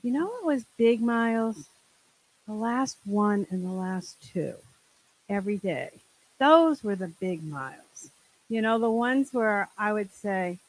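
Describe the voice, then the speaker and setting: A woman's voice: medium pitch, animated, a little slow, rough recording. Candid older woman sharing wry stories. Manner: candid, humorous, exasperated asides. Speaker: group member sharing. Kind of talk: personal story at a group meeting. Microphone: handheld microphone.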